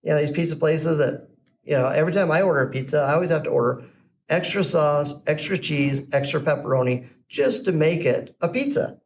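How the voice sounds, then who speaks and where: Gravelly middle-aged man telling a story. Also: on the high side, fairly quick. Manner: animated storyteller who acts out quoted dialogue. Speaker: podcast guest, entrepreneur. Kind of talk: casual storytelling interview. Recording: slightly distant mic with faint background noise.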